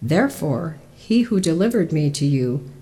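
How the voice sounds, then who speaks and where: A church lector reading the part of a calm prisoner on trial, measured and solemn. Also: mid-range voice, close to an everyday voice. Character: calm teacher on trial, steady and grave. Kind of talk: liturgical Scripture reading.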